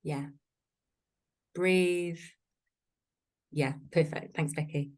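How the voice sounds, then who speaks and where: A woman's voice: steady tone, drawn-out words, darkish tone. Chatty woman voice coach. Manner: chatty, playful, varies pitch for effect. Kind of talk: online workshop talk. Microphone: video call.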